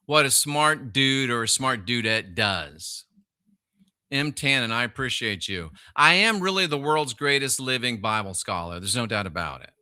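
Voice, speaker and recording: Emphatic man with a sharp voice. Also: medium pitch, animated, normal speed, no echo, studio quality. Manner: emphatic and preachy, with sudden loud bursts. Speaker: livestream host reading chat. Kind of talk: solo livestream rant.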